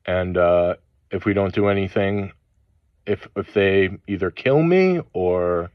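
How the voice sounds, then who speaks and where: Deep-voiced man ranting in lo-fi. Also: smooth, no echo. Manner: angry, profane ranting with halting pauses. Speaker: channel host. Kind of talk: rambling spiritual monologue. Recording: dull lo-fi dry recording.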